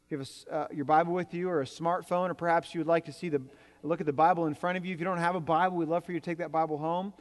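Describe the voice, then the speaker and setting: This pastor speaks very fast, his slightly high voice keeping a fairly even intonation. Addressing the congregation in a church sanctuary, he preaches conversationally, joking and repeating words, while the hall reverberates around him.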